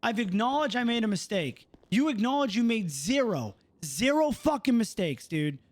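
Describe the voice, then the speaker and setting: A man's voice: high voice, sing-song, moderate pace, no echo. Young man venting, ends lines with "bro". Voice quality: swearing, trails off with "bro" and "dude". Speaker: roleplay game streamer. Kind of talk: casual out-of-character venting.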